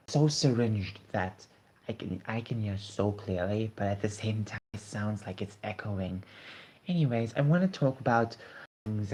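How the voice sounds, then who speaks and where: A man's voice: on the low side, a little mellow. A man vlogging to camera while unwell, talking casually and hesitantly with many fillers and restarts, recorded on a tablet. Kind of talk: casual rambling talk to camera. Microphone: tablet streaming.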